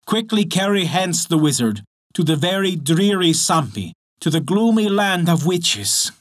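A man's voice: high voice, sing-song, a little slow. A man voicing a crafty, persuasive old male wizard from a folktale, coaxing and chanting spells. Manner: coaxing, incantatory.

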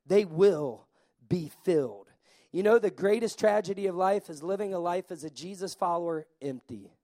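A man preaching a sermon as pastor, animated, with quick asides to the congregation and stumbling repeats. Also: high-pitched, no echo. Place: church service.

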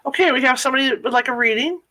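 A woman co-host reading viewer questions aloud in a brisk, quick manner. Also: high-pitched, bright, forceful tone. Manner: brisk, reads comments aloud.

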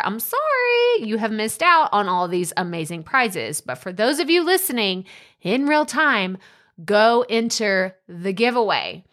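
Bright, chatty woman podcast host. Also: medium pitch. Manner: chatty, lively, says "like" and "okay" often. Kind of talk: casual reading of her own book. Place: home office.

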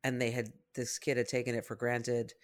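A podcast co-host in casual chat, wry and calm, reading listener posts aloud. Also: medium pitch, fairly quick.

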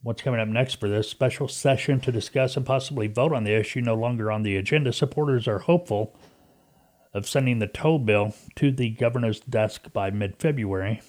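A man's voice: mid-range voice, a little fast, darkish tone. A man hosting a podcast, giving casual, folksy commentary. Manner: folksy, chatty. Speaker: podcast host.

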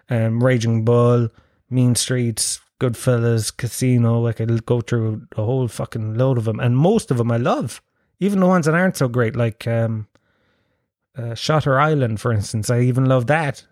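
A man's voice: mid-range voice, a little mellow, dry recording, studio quality. A man chatting casually as a podcast host, rambling, swearing and poking fun at himself. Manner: sweary, rambling, self-mocking. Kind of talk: casual chat.

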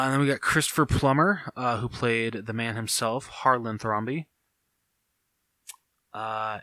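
Bright, forceful man chatting casually. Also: medium pitch, no echo. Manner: easygoing, enthusiastic, with filler words. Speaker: podcast co-host. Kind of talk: casual podcast chat.

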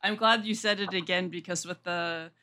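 A woman interviewing over a headset mic, soft-spoken and giggly. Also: fairly low pitch, steady tone, moderate pace.

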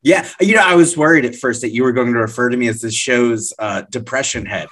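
A man co-hosting a podcast, joking and self-deprecating in a deadpan way. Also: medium pitch, brisk, breathy edge. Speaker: podcast co-host. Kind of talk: casual podcast chat.

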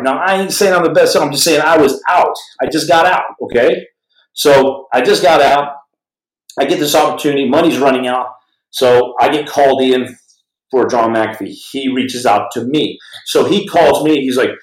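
A man's voice: medium pitch, moderate pace, echoey room, rough recording. A man hosting a podcast, telling a long personal story in a rambling, conversational way with many restarts. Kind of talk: casual spoken storytelling.

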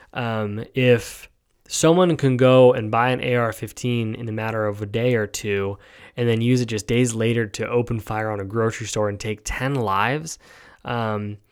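A sleepy man from New York talks through his solo podcast in a loose, rambling way, with many ums and restarts. His voice is smooth and clear. He yawns as he goes. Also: medium pitch. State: sleepy, yawning. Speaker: podcast host. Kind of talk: casual solo podcast monologue.

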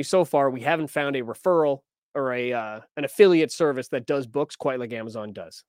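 A man's voice: fairly high pitch, no echo, studio quality. A man hosting a news podcast, talking casually and wryly as he reads and reacts to headlines and posts. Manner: conversational, wry, reads quotes aloud.

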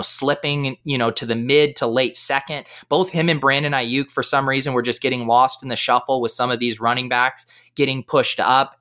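An energetic man talking as a podcast guest. His voice is bright and forceful, and he speaks with eager enthusiasm in easygoing conversation. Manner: high-energy, eager talker. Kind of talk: casual podcast chat.

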